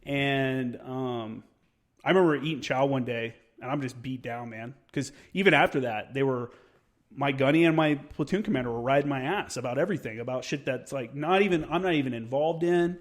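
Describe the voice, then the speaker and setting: A man's voice: medium pitch, brisk. A young man telling a story in casual podcast chat, swearing freely and acting out the quotes of the people in it. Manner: profane, animated storyteller who acts out quotes. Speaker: podcast guest.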